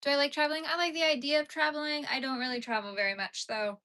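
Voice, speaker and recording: Quick-paced and sharp in tone, her high-pitched voice stays steady. She's a young Canadian woman on a crochet livestream, chatting with viewers in a rambling way full of "like".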